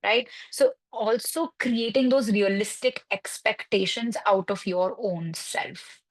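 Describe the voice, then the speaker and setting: Over poor audio, a woman counseling psychologist talks slowly at a medium pitch in a webinar. She reassures listeners, using everyday examples and repeating the worries parents have voiced.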